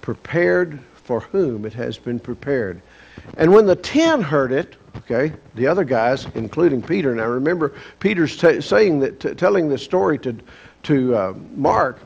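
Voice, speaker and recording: Texan man, Bible study teacher, gravelly voice, folksy storytelling, muffled lo-fi take with light hiss. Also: fairly high pitch, expressive, moderate pace, a little mellow. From Texas, USA. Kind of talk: conversational Bible lesson. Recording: dull lo-fi recording with faint hiss.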